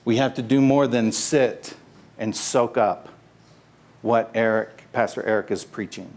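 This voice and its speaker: A man's voice: medium pitch, a little mellow. Middle aged guy preaching in church, laid back, lots of ums, cracks jokes with the crowd. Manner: casual, halting with fillers, jokes with the congregation. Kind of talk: sermon with prayer. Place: church sanctuary.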